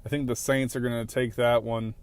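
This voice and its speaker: A man's voice: mid-range voice, flat delivery, brisk, clear, resonant tone, no echo. A young man, hosting a casual solo podcast from his car, rambling with constant profanity and flaring into angry outbursts. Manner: profane rambling, flares into shouting at other drivers. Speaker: podcast host. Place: in a car on city roads. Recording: faint traffic noise from a car.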